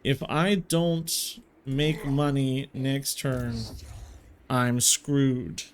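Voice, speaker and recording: Slow-talking man narrating his game. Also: mid-range voice, flat delivery, smooth, faint music behind. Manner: thinks aloud while playing, casual slang. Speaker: let's play host. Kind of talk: video game commentary.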